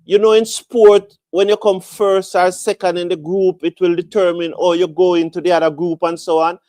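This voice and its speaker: A man giving repetitive, animated live fan commentary on a cricket match. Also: high voice, moderate pace, dry recording, studio quality.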